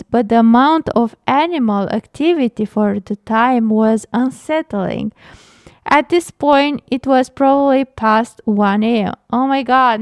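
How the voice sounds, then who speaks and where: Young woman, higher voice, reads horror aloud haltingly and breaks off to react. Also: clean tone, no room sound, clean studio sound. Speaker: horror story reader and reactor. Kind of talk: reading a story aloud with reactions.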